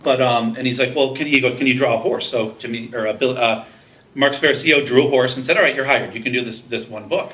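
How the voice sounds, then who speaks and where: A man's voice: medium pitch, fast talker, fairly bright tone, rough recording. A man on a convention panel eagerly telling a personal story with self-deprecating humor, quoting the people in it. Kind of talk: casual storytelling to a panel audience.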